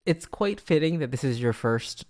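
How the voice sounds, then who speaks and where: A man's voice: fairly high pitch, lively intonation, moderate pace, a little mellow. A man co-hosting a podcast, teasing his friends and laughing often in casual banter. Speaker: podcast co-host.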